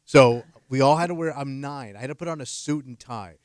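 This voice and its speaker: A man's voice: medium pitch, brisk, no room sound. A man from New Jersey, a radio co-host, telling stories in casual banter with blunt jokes. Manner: animated storyteller, blunt jokes. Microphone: studio microphone. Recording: dry studio sound.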